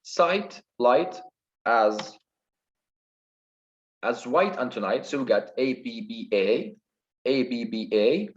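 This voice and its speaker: A student whose first language is Arabic presents a poem analysis, slowly talking through a sonnet's meter and rhyme and counting syllables word by word. He's hesitant, with many restarts and fillers, though his mid-range voice has lively intonation. The sound is lo-fi.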